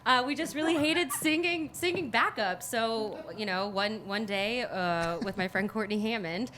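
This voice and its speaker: A woman's voice: a little high, a little slow, crowd noise. A woman singer in a vocal trio chatting loosely in a live-stream interview, laughing often and rambling with lots of fillers.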